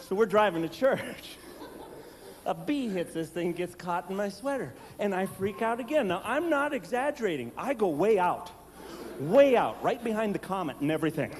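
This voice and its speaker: Middle-aged comedian with a high-pitched voice, live on stage. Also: male voice, moderate pace. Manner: animated storyteller who shrieks in panic and growls in character voices. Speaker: stand-up comedian. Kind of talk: stand-up comedy set. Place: large theater with a live audience. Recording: live stage recording with long reverb and audience noise.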